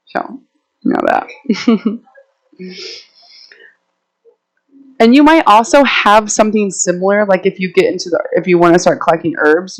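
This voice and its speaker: A woman's voice: on the low side, low-quality recording. A woman herbalist giving a casual, chatty talk to a live audience, telling stories and laughing often as she walks around the room. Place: indoor meeting room, walking around while speaking.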